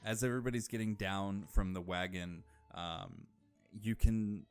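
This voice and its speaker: Male game master, low voice, unhurried narration with fillers, faint music behind. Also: smooth.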